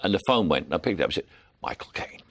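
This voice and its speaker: A man's voice: low-pitched, very animated, racing, slightly rough. An older man with a Cockney accent, a film actor guest telling anecdotes in an interview. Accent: London Cockney. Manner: storytelling, laughing, puts on voices in quotes.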